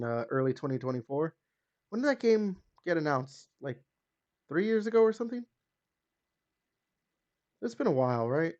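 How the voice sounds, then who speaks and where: A man hosting a gaming podcast in casual chat, chatty and hedging with lots of fillers. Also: darkish tone. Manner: chatty, hedging with fillers, rises and drops in pitch. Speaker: podcast host. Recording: slightly dull lo-fi sound.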